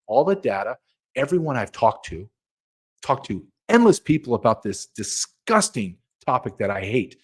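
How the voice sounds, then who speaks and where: A middle-aged man speaking as an interview guest, a former border agent, talking in an urgent, emphatic and insistent way. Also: medium pitch. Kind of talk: impassioned interview talk.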